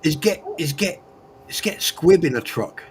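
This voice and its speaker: A man's voice: on the high side, lively intonation, a little slow. A man bantering on a livestream call, joking and swearing freely. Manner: joking, swears freely, bursts into loud laughs. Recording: noisy livestream call audio.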